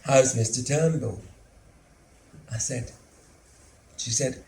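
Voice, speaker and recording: An actor playing a lonely, anxious middle-aged son who lives with his mother, telling his story slowly and drily in a theatre monologue. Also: medium pitch, dark tone. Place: theatre stage. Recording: roomy theatre sound, faint hum.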